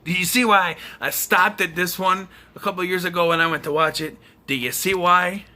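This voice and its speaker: A man's voice: high-pitched, fairly even intonation, brisk, sharp tone. A young man reviewing a film in a casual video, talking in an exasperated, sarcastic rant. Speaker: movie reviewer.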